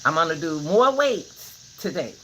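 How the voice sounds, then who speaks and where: Animated grandma vlogger. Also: female voice, low voice, unhurried, slight background noise, low-quality recording. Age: older. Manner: animated, preachy, folksy advice. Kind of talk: casual vlog talk.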